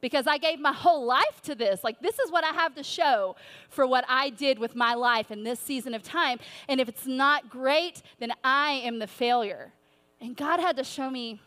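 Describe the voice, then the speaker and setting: A woman's voice: a little high, moderate pace, a bit bright. A woman giving an earnest, conversational sermon-style talk to mothers, encouraging and personal. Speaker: women's ministry speaker.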